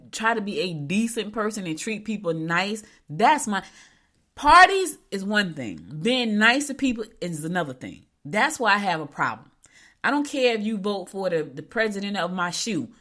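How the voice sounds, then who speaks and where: A woman's voice: mid-range voice, a bit bright. A middle-aged woman hosting a local show, telling stories in a rambling, chatty way. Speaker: local radio show host. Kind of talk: casual chat.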